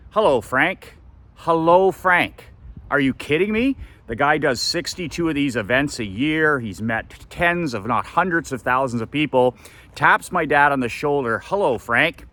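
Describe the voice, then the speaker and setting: A man with a bright, forceful voice tells a story as a motivational coach. He acts out the quoted lines with sudden high jumps in pitch. He repeats his motto the way a preacher would. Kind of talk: storytelling monologue.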